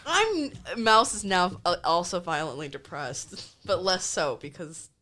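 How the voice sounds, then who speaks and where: A woman playing a tabletop game, talking casually with quick questions and many fillers. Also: lowish voice, expressive, sharp tone. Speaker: player.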